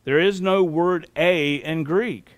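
A man gives a Bible teaching sermon, unhurried and methodical, with a voice sitting a little high for a man. The sound is dry and close, with no room around it. He walks through each point carefully and spells out terms. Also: no echo. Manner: slow, deliberate explaining with spelled-out terms.

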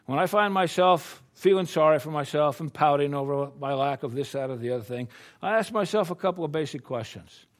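An older American man preaches a sermon to his congregation in a homespun, conversational manner. He peppers his talk with rhetorical questions, and his voice sits a little high for a man. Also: fairly quick. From United States.

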